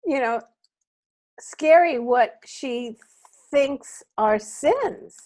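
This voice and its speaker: High-voiced, slow-talking woman coach. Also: expressive, a little mellow. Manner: halting, many fillers, laughs easily. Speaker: comedy coach. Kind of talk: casual coaching.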